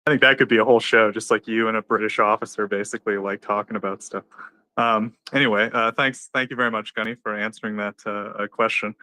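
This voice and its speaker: A man's voice: lowish voice, fairly even intonation, quick pace, bright, forceful tone, dry recording. A man hosting casually, rambling and full of "like" and "you know". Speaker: host. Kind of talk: casual chat in a live audio room.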